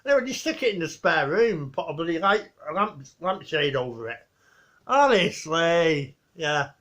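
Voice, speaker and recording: Lively high-voiced man, rambling chat. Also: normal speed. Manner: rambling, mild swearing, restarts and fillers. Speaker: vlogger. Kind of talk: casual vlog tribute.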